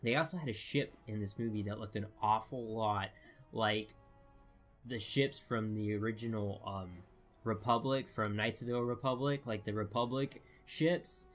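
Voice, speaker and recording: A man's voice: fairly low pitch, steady tone, normal speed, soft background music. A man giving a casual spoken review, rambling with many fillers and restarts. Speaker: video reviewer.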